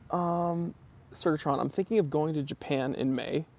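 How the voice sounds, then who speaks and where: A man's voice: fairly high pitch, a little mellow. A young American man hosting a watch channel livestream, casually chatting and answering viewer comments in a laid-back, bro-ish way. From United States.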